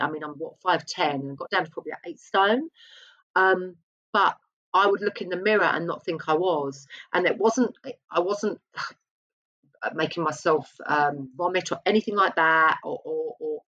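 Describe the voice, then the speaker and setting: A woman's voice: sits low, a bit bright, highs cut off. A woman speaking as an interview guest, open and reflective, often restarting her sentences. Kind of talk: candid conversational interview.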